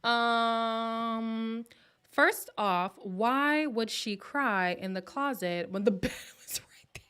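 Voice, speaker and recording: A woman hosts a relaxed live stream from home. She chats in a playful, gossipy way, often laughs, and sometimes slips into a whisper. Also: mid-range voice, takes it slowly, clear, resonant tone. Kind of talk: casual live chat reacting to viewer comments.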